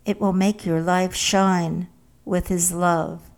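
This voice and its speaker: A woman narrating a first-person story in a slow, measured way. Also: fairly low pitch, flat delivery.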